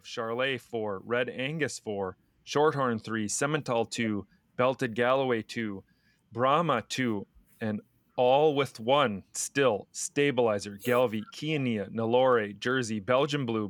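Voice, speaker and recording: A man co-hosting a farming podcast in relaxed conversation. He reads out lists of numbers in an even, steady way. The sound is dry and close, with no room echo. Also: medium pitch. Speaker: podcast co-host. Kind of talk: casual podcast chat.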